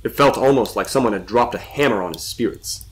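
A man reading a suspenseful story as a storyteller with steady narration. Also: on the low side, brisk, slight background noise.

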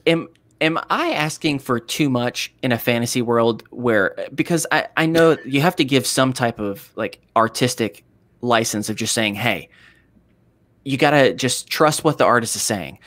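A man's voice: mid-range voice, expressive, normal speed, a bit bright, no echo. A man chatting casually as a podcast guest, rambling and restarting his sentences often. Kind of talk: casual chat.

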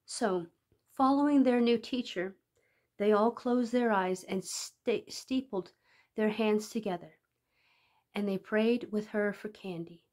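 A woman reading a story aloud in a calm, measured storytelling manner. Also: mid-range voice. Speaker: reader.

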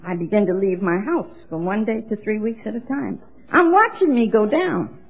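Lively older woman telling her story. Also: medium pitch, normal speed, slightly rough, faint music behind. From New York. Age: 70s. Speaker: AA speaker. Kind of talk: recovery talk to an audience. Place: auditorium. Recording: dull lo-fi recording.

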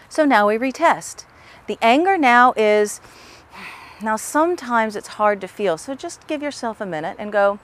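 A woman's voice: on the high side, expressive, normal speed. Female tapping instructor, patient and repetitive, demonstrates the phrases aloud.

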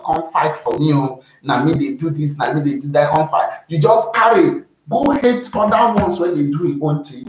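A man's voice: sits high, recorded from a distance. A man from Nigeria with a Nigerian Pidgin accent, giving casual advice in a preachy, repetitive way that keeps checking the listener is following. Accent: Nigerian Pidgin English. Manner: preachy, repeats himself, keeps asking "you dey hear me". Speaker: YouTube vlogger giving advice. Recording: very echoey room, voice away from the mic.

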